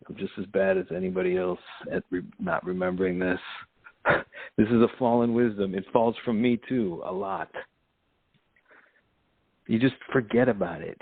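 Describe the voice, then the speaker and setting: A lowish, husky male voice rambles through a preachy monologue, swearing and laughing as he goes. The sound is thin and phone-like, with no room around it. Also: dry recording. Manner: profane, laughs often, preachy. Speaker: podcast host.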